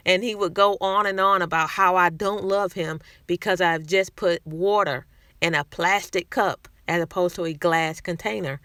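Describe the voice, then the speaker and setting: A woman's voice: on the low side, fairly even intonation, moderate pace, bright, forceful tone, smooth, dry recording, studio quality. A woman talking candidly to camera in a casual vlog, speaking conversationally and restarting her sentences often. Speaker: vlogger sharing personal experience.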